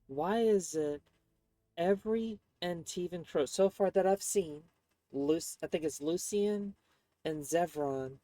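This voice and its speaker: Slow, mellow-voiced woman streamer. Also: lowish voice, no echo. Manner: rambling, searching for words. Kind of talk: casual gameplay commentary.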